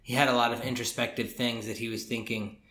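A man's voice: medium pitch, little pitch movement, fast talker, fairly bright tone. Rambling young man in an echoey room. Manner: rambling, filler-heavy, says "like" and "dude" a lot. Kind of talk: casual chat.

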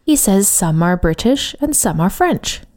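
A woman co-hosting a podcast language lesson, explaining clearly and saying example words slowly. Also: medium pitch, big pitch swings, darkish tone. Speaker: language teacher.

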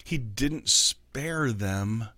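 A man speaking as a pastor, giving a reflective faith talk in an earnest, conversational way, pausing often with ums. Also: medium pitch, animated, sharp tone, dry recording.

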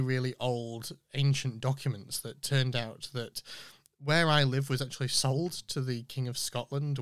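Chatty English podcast host, smooth voice. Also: male voice, medium pitch, a bit bright, dry recording, studio quality. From England. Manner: chatty, enthusiastic, self-correcting asides. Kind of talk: casual podcast commentary.

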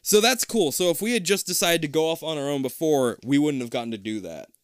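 A man reads a spooky adventure book aloud in a loose, joking way, swearing and cracking asides. His voice jumps around in pitch with lively animation, and the sound is close and dry. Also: fast, dry recording. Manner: irreverent, swears, jokes between passages. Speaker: reader of a choose-your-own-adventure book. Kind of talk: casual comedic read-aloud.

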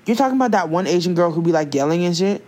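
A young woman in casual chat, talking in an animated, slangy, expressive way. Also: lowish voice, racing.

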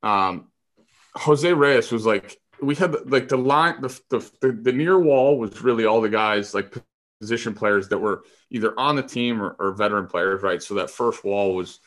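A man with a lowish, bright, forceful voice spins clubhouse anecdotes in casual podcast chat. He is animated and salty, slipping into other people's voices. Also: normal speed. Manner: animated, profane, laughs often, acts out voices. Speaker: podcast co-host, former ballplayer.

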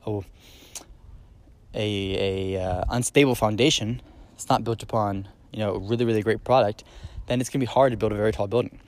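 A man's voice: fairly low pitch, fairly even intonation, brisk. Male podcast host, solo monologue; casual, filler-heavy, eager emphasis on key points. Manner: casual, rambling, many fillers and restarts.

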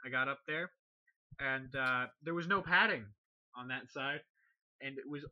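A man's voice: medium pitch, a little slow, no room sound, muffled recording. A man hosting a casual podcast who tells rambling stories, repeats himself and swears freely among friends.

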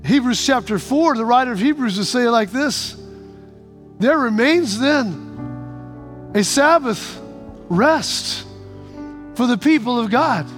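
High-voiced preacher. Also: male voice, animated, slow pace, pauses often, fairly bright tone, soft background music. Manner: emphatic, repeating phrases, stammering restarts. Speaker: pastor. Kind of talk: sermon.

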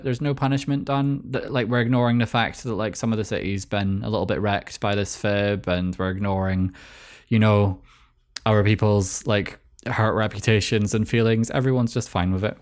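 A Scottish man with a lowish voice co-hosts a podcast in loose, casual chat. He recaps a cartoon episode with jokes, easy swearing and frequent laughter. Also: moderate pace. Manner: loose and joking, swears freely, laughs often. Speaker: podcast co-host.

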